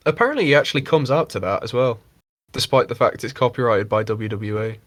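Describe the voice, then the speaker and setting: A man co-hosting a casual podcast, rambling and swearing freely as he mocks people with quick impressions. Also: medium pitch, dry recording. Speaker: podcast co-host. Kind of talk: casual chat.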